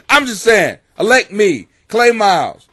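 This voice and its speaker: Crude, rambling man with a lively voice. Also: high voice, husky, no echo. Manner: crude, blunt and rambling, with frequent swearing. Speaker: host. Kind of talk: profane comedic rant to camera. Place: home basement.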